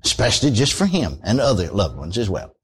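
A man's voice: on the low side, huge pitch swings, fairly quick, a little hiss or hum. A man preaching a sermon in a folksy style, often exclaiming praise and asking for amens. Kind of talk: radio sermon.

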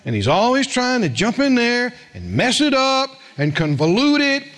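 A middle-aged preacher with a drawl delivers a sermon in a very high voice. His pitch swings widely as he tells stories and puts questions to the congregation. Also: moderate pace. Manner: animated storytelling preacher, asks the congregation questions. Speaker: pastor.

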